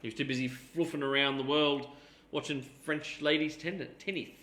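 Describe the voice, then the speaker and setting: A man's voice: fairly high pitch, steady tone, normal speed, bright, forceful tone, roomy sound. An Australian man co-hosting a casual chat show, rambling through anecdotes and swearing freely. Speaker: podcast co-host.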